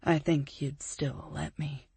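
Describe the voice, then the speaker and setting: A woman reading an audiobook, voicing a smug, seductive wealthy man in a low, silky murmur. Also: little pitch movement, slow pace, vocal fry, warm tone, husky, no echo, exaggerated voice.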